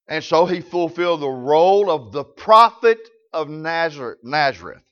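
A man's voice: a little high, animated, normal speed, few pauses, a bit bright, clean tone, muffled recording. A man preaching a sermon, telling folksy stories in rural grammar.

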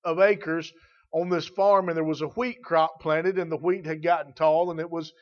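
A man's voice: on the high side, steady tone, normal speed, dull audio. A man preaching a sermon as pastor, emphatic and repeating key phrases for weight.

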